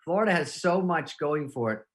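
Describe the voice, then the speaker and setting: Animated, laughing male interviewer. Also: fairly high pitch, moderate pace. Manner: animated, laughing, jumps into acted quotes. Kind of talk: casual comedic chat.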